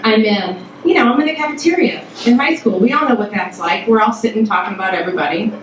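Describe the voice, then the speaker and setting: A woman from Toledo, Ohio, telling a personal story on stage to a live audience, animated and full of swearing, acting out every quote. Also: medium pitch, fast talker, slight background noise. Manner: profane, animated, acts out quotes. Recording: echoey hall, mic at a distance.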